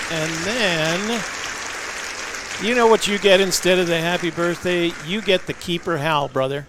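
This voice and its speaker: A man's voice: high voice, unhurried, crowd noise, noisy background. A man hosting a casual livestream chat. He rambles in a friendly way, with lots of fillers and restarts. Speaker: host.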